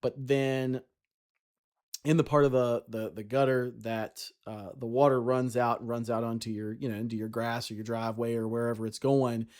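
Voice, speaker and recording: A man's voice: mid-range voice, level tone, moderate pace, darkish tone. A man giving a casual devotional talk, chatty, with many fillers and restarts. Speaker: Christian vlogger.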